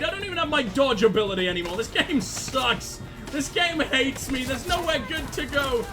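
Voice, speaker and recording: A man commentating on his own video game play, loud, sweary and self-mocking, breaking into panicked yells during fights. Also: very high-pitched, lively intonation, normal speed, music in the background. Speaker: gaming channel host.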